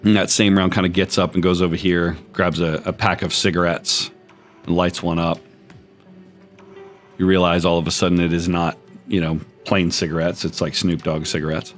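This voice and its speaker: Guy gm with a real deep voice, rambling along through the scene. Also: little pitch movement, normal speed, faint music behind. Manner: loose, rambling improvised narration. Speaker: game master. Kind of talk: narrating a tabletop game.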